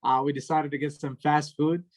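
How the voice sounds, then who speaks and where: A young man performs stand-up over a video call, his voice sitting a little high for a man. He tells long stories about family in a dry, deadpan way, letting the punchlines land plainly. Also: normal speed. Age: young adult. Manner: storytelling, deadpan, trailing into laughter. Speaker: stand-up comedian.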